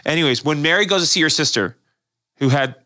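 A man's voice: a little high, quick pace, pushed and bright, no echo, clean studio sound. A male pastor explaining faith in a casual, earnest discussion, often repeating words as he restarts his thoughts.

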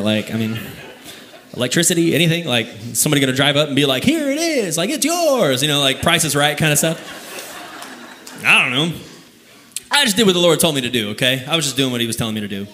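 A young man preaching a sermon as pastor of a new church, telling a personal story in a loose, conversational way and slowing right down for emphasis. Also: medium pitch, expressive, pushed and bright. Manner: conversational storytelling, laughs at himself, slows down for emphasis.

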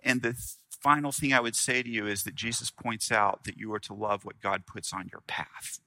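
A male pastor preaching a sermon, earnest, with dramatic pauses, swinging from loud to hushed. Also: fairly low pitch, steady tone, no room sound.

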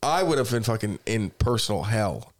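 A man in his thirties chatting casually on a podcast, telling animated stories and swearing constantly. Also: lowish voice, normal speed. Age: 30s. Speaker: podcast co-host. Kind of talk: casual chat.

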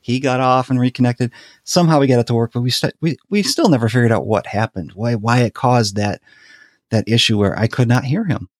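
A man with a mid-range voice, chatting in a casual podcast conversation. He tells his stories with animated energy and laughs easily along the way. The sound is dry and close. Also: mid-range voice, brisk, no echo. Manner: animated storyteller, laughs often. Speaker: podcast host. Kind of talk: casual chat.

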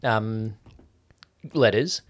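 A man's voice: on the low side, drawn-out words. A man co-hosting a casual film-review podcast, talking in a loose, joking way with plenty of swearing. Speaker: podcast co-host.

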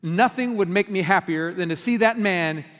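Pastor, middle-aged man, chatty storytelling sermon with lively acted-out lines, higher voice, long church reverb. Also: normal speed. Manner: conversational storytelling with animated quoted outbursts. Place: church sanctuary.

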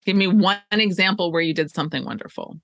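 A woman's voice: on the low side, fast, a bit bright, no room sound. A woman co-hosting a podcast and coaching clients, chatting casually, laughing often and quoting what she tells people. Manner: upbeat, laughs often, quotes herself. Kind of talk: casual chat.

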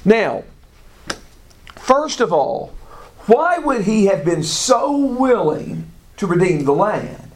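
A man teaching a Bible class in a relaxed, conversational way, thinking aloud and repeating key points, with questions to the group. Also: high voice, takes it slowly.

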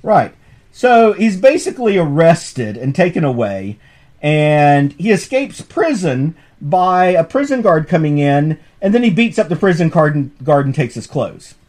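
A man, a professor hosting a comics podcast, talking through a story in an amused, animated way with frequent restarts. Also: fairly high pitch, unhurried. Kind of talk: casual lecture chat.

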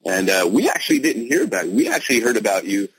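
A man hosting a podcast, joking and rambling in a loose, self-mocking way, with a husky voice. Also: fairly low pitch, sing-song, quick pace, low-quality recording. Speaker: podcast host. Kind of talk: casual podcast chat.

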